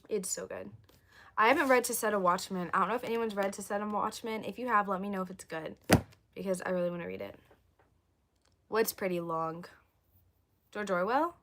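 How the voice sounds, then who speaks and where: A young woman chatting on a livestream, rambling and answering viewer comments, her voice going hoarse. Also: medium pitch, fairly bright tone. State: losing her voice, coughing. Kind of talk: casual livestream chat.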